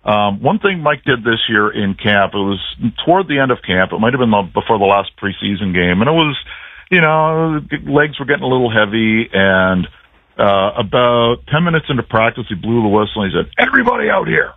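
A man's voice: on the low side, expressive, brisk, no echo. A man on a narrow, tinny phone line tells stories in a chatty, self-deprecating way. He is a broadcaster calling in to a radio talk show. The sound is dry and close. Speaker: play-by-play broadcaster, phone-in guest. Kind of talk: casual radio phone interview.

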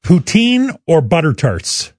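A man's voice: fairly high pitch, slow pace, dry recording, clean studio sound. A man hosting a casual chat and quiz with a guest, teasing and laughing easily. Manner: lively, chuckling, teasing. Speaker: radio host interviewing a guest.

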